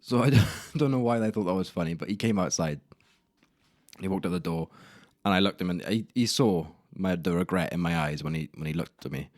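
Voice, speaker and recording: Low-voiced young man rambling. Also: brisk, a little mellow, dry recording, studio quality. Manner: rambling, self-deprecating, casual swearing. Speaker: podcast host. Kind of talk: solo podcast storytelling. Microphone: camera mic in a room.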